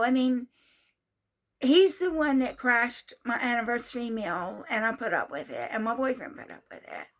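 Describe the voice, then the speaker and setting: A woman in her sixties speaks with a high voice in a casual vlog monologue. She retells events in a repetitive, exasperated way, circling back to the same points. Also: a bit bright. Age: 60s. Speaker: vlogger.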